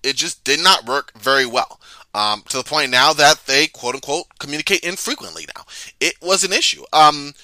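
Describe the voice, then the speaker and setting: A man's voice: fairly high pitch, normal speed, sharp tone, dry recording. A man hosting a casual sports talk show, chatting loosely with frequent restarts and reading passages aloud. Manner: chatty, stammers and restarts, reads quotes aloud. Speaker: sports podcast host.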